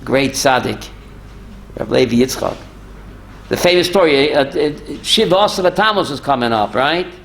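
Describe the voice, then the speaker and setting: A man, a rabbi, telling stories in a lively talk and quizzing his listeners. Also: medium pitch, moderate pace, slight background noise. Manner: animated, asks the audience questions. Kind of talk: storytelling Torah talk with audience.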